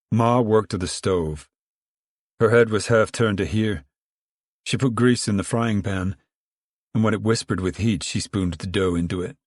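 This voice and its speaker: A man reading a novel aloud, narrating and voicing the family's dialogue in a rough rural drawl. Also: fairly low pitch, a little slow, no echo, clean studio sound. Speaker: audiobook narrator. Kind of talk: dramatic audiobook reading with character voices.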